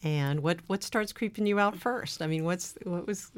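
A woman editor hosting a podcast in a brisk, conversational way. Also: fairly low pitch, no room sound.

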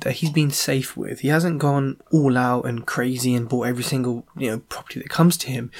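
Chatty male podcast host. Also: medium pitch. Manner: chatty, jokey, quick asides. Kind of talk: casual podcast interview.

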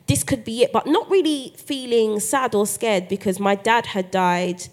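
A guest author in a live podcast interview at a festival, this woman has a slightly high voice and speaks at a normal pace. Her storytelling is lively, and she performs the voices of the people she quotes.

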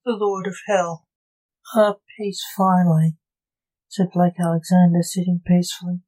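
A woman hosting a podcast, telling gothic fiction in a measured, theatrical narration. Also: on the low side, flat delivery, dark tone, rough recording. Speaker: podcast host and storyteller.

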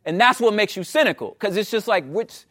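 High-voiced, slangy preacher man. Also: a little fast. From Los Angeles area. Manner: animated, slangy, asks the crowd "you know what I'm saying". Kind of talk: conversational sermon.

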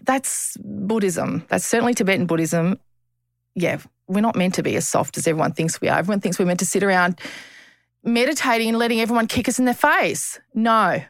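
A woman's voice: mid-range voice, quick pace, no room sound, clean studio sound. A woman, speaking as a podcast guest. She talks frankly and bluntly, with teasing humour and the odd swear word. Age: 50s. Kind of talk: candid conversational interview.

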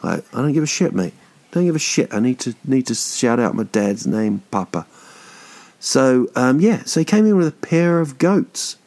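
A man's voice: medium pitch, very animated, moderate pace, a little mellow. A man in his thirties hosting a podcast, rambling through a jokey, swearing monologue that drifts off topic. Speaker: podcast host.

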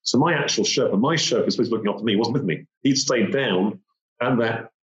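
A man's voice: mid-range voice, quick pace. A man telling a personal story in vivid detail, repeating phrases and acting out the moments he describes. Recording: roomy, dull lo-fi sound.

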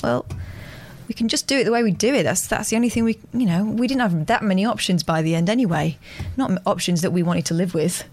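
A woman co-hosting a casual chat, speaking quickly and reflectively. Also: medium pitch, a little mellow.

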